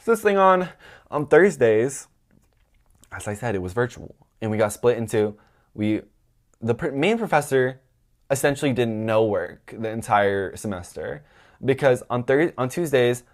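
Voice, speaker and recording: A young man hosting his own podcast, telling a story in a rambling, animated way, full of "like" and swearing. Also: mid-range voice, unhurried. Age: young adult. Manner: acts out quoted people in a raised voice. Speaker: podcast host. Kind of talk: casual storytelling monologue.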